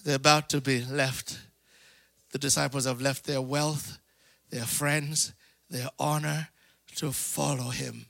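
A man preaching a sermon in an animated way, acting out little voices, laughing and calling for amens. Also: mid-range voice, takes it slowly, vocal fry, pauses often, dry recording, studio quality. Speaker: pastor.

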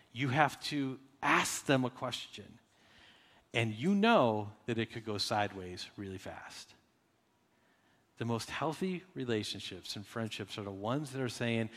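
A man delivering a sermon from the pulpit with a middle-pitched voice. He keeps it conversational and slips into little quoted voices as he goes. His voice rings out with a long reverb, as in a large hall. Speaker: pastor.

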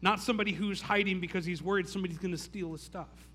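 A male pastor preaches a casual, conversational sermon, retelling the story with stammering restarts and frequent "like." His high voice is quick, sharp and fairly even in intonation, over soft background music.

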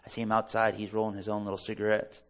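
A man's voice: lowish voice, monotone, fast, a bit bright. A man preaching a sermon, delivering it fervently and emphatically with personal stories. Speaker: pastor.

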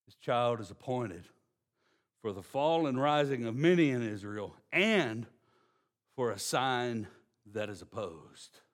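A man with a Texan accent preaching a sermon, dropping to slow, hushed emphasis and then building into loud, excited storytelling. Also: mid-range voice. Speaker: pastor.

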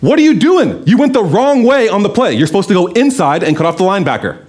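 A man voicing an angry football head coach shouting at a player. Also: high-pitched, sing-song, fast, voice pushed up. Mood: exasperated. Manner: shouting, exasperated.

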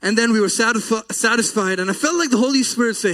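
A man with a strikingly high voice delivers a sermon. He is earnest and emotional, and his voice often breaks with feeling as he weaves a personal story into the message. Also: fast talker, a bit bright. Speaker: preacher.

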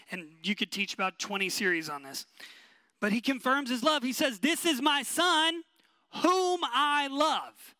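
In his sermon, a male pastor talks emphatically yet conversationally, circling back to brief repeated lines. He has a high, sharp, forward voice, and the sound is dry and close without any echo.

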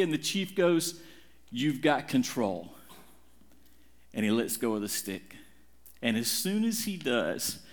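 A middle-aged man preaching a sermon, telling a story with dramatic, animated swings in his voice. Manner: animated, dramatic retelling with big swings in pitch. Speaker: pastor.

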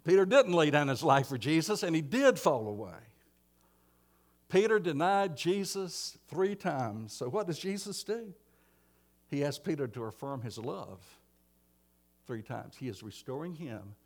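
A man preaching a sermon in a church, swinging between emphatic lines and hushed ones. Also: mid-range voice, big pitch swings, a little slow.

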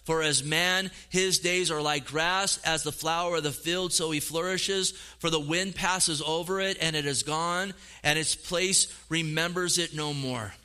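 Bright-toned, high-voiced male pastor preaching. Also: unhurried, few pauses, clear, resonant tone. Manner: animated preaching, acts out quoted voices, repeats words. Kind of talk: sermon.

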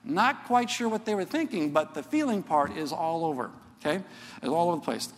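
A man's voice: fairly high pitch, animated, a little fast. A middle-aged man teaching a sermon to a church, earnest and conversational, often checking in with "okay?". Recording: long hall reverb.

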